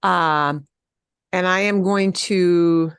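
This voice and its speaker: A woman's voice: lowish voice, steady tone, smooth, no echo, clean studio sound. Upbeat woman teaching beginner Spanish. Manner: upbeat, encouraging, models phrases slowly for repetition. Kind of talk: online beginner language class.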